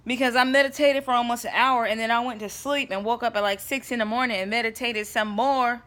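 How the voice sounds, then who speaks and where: A woman's voice: fairly high pitch, fairly even intonation, fairly quick, a bit bright. A woman giving a casual faith talk to camera, chatty and emphatic, often checking in with her listeners. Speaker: vlogger.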